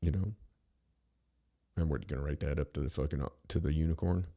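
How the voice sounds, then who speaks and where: A man's voice: a bass voice, steady tone, fairly quick, mellow. A middle-aged man hosting a podcast, ranting in a rambling, profane, sarcastic monologue full of restarts. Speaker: podcast host.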